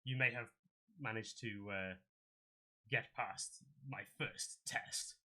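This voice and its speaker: A booming, menacing manticore, as a man puts him on for a tabletop game. The voice rises high and loud over a low, even baseline, with a bright, forceful edge. Each threat comes out slow and heavy. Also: heavily acted. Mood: threatening. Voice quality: bellowing. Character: bellowing male manticore, menacing and hungry.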